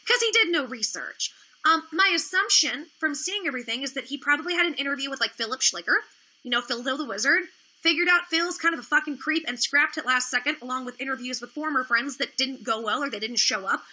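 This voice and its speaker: On her livestream, a weary, low-energy woman vents in an indignant, sarcastic rant peppered with profanity. She has a high voice that sounds pushed and bright.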